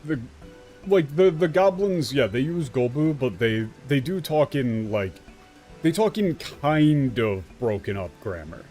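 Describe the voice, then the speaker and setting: Young dude rambling over a game, lots of "like" and restarts, cussing, faint music behind. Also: male voice, medium pitch, big pitch swings, unhurried, mellow. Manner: rambling, profane, full of fillers and restarts. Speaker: let's play streamer. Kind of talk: casual game commentary and live translation.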